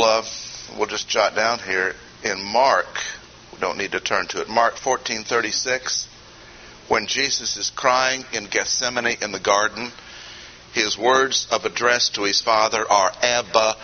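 A man teaching a Bible study in a deliberate, emphatic way with frequent pauses, on a dull lo-fi recording with faint hiss. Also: lowish voice, fairly even intonation. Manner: deliberate, emphatic, pausing often. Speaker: preacher.

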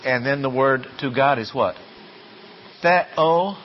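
A man lectures slowly and deliberately on Greek grammar, pausing to ask his class rhetorical questions. His voice sits in an ordinary middle register. The recording is dull and lo-fi, with a faint hiss underneath. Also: mid-range voice. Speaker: Greek Bible teacher.

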